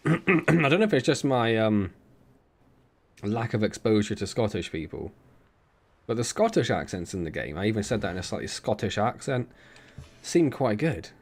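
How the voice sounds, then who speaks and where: A man's voice: on the low side, very animated, moderate pace, long pauses. A man with a West Country accent, chatting and joking casually while streaming a game. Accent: West Country English. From West Country, England. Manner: chatty, joking, laughs often. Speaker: gaming streamer.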